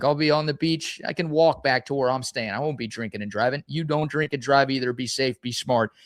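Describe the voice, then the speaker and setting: Upbeat Texan man doing a dry studio ad read. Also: no room sound. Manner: upbeat pitchman, teasing. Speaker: sports talk co-host. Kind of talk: live-read ad and casual banter. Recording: dry close studio sound.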